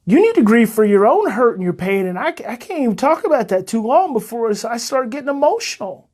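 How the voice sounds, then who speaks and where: A man, a parenting coach and host, giving a heartfelt motivational talk to parents. He talks emotionally and earnestly, repeats his phrases, and often turns soft and soothing. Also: very high-pitched.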